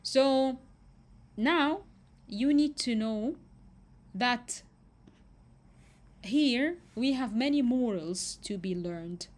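Slow, questioning woman teacher. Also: a little high, lively intonation, a little mellow. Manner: asks questions and stresses key words. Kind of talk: storytelling lesson.

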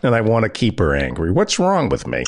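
Animated middle-aged man holding forth. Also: fairly low pitch, a little fast, vocal fry. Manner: lecturing, animated, wry. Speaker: podcast host. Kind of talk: comedy podcast chat.

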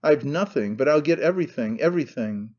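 A man's voice: a little high, expressive, a little fast, darkish tone, highs cut off. A man voicing a desperate young husband who makes curt, urgent demands.

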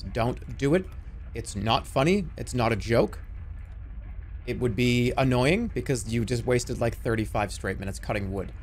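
A man's voice: medium pitch, animated, normal speed, a little hiss or hum. A man streaming a game, talking casually to chat, exasperated and swearing, often bursting into laughter.

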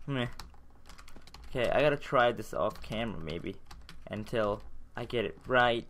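A young man with a sore throat hosts a gaming channel, offering casual gameplay commentary in a mid-range, fairly bright voice at a moderate pace. He rants and swears in frustration as he keeps failing.

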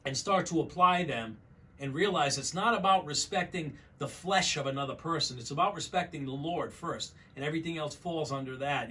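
A man's voice: a little high, pushed and bright, slight background noise. A man preaching a sermon as pastor, emphatic and repeating his key phrases, often calling his listeners folks.

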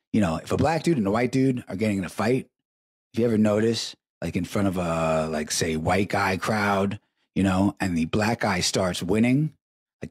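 Man, middle-aged, live show host, profane rambling stories, stoned, low-pitched, raspy. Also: no room sound, clean studio sound. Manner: profane, rambling, emphatic repetitions. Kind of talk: crude stream-of-consciousness storytelling.

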